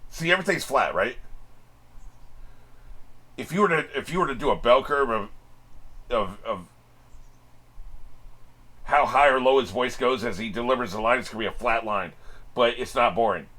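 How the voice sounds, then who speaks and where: A man's voice: mid-range voice, moderate pace, pauses often, pushed and bright. A man hosting an anime reaction channel, giving casual, wisecracking commentary with plenty of swearing and frequent chuckles.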